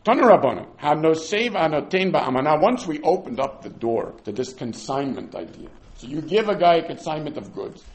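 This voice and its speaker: Lively higher-voiced man teaching Talmud. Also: fairly quick, hardly any pauses. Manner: explains with acted-out buyer and seller examples, mixing Hebrew terms. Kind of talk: Talmud class lecture.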